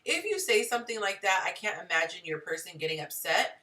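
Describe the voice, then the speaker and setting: Woman, relationship advice host, chatty live stream, bright tone, slightly off-mic. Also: fairly low pitch, big pitch swings, a little fast, distant mic. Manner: conversational, reads and greets chat viewers.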